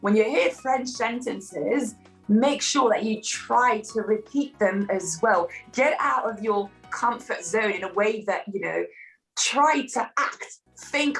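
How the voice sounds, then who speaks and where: A woman's voice: mid-range voice, slow, fairly bright tone, soft background music, poor audio. A woman French teacher being interviewed, talking enthusiastically with many "you know" fillers and frequent laughs. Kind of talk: casual interview conversation.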